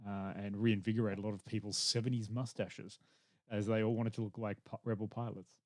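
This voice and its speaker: A man's voice: lowish voice, flat delivery, brisk, darkish tone, dry recording. A man hosting a casual podcast chat, joking and laughing often, rambling with fillers. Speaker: podcast host.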